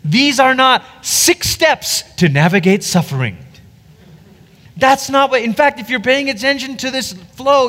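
Pastor, man, high voice, lively teaching delivery, long reverb. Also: normal speed. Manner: animated, acts out quoted voices. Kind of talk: Bible teaching discussion.

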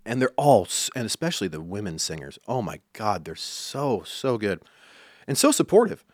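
A man's voice: on the low side, big pitch swings, moderate pace, darkish tone, dry recording, clean studio sound. A young man from Iowa, a country musician, telling stories in a casual interview, rambling with fillers and restarts. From Iowa, USA.

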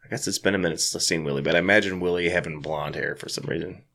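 A man's voice: low voice, racing, vocal fry, a bit bright. A man co-hosting a casual podcast chat while drinking whiskey, joking around and swearing freely. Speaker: podcast co-host.

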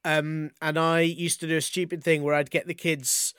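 A male comedian with a high voice, telling stories in a lively, animated way and laughing mid-sentence. He sounds close and dry, with no room around him. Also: moderate pace, clear, resonant tone, no echo. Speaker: comedian guest. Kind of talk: casual chat, anecdote telling.

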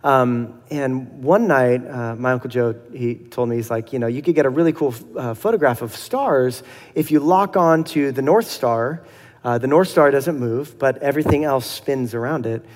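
Middle-aged guy preaching, casual and chatty, acts out the dialogue, mid pitch, long echo like a big hall. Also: moderate pace. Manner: conversational, acts out dialogue with soft laughs. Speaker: pastor. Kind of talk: sermon.

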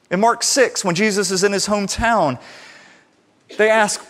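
A man preaching a sermon in an animated way, acting out the people he quotes. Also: high voice, fairly quick. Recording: reverberant hall sound.

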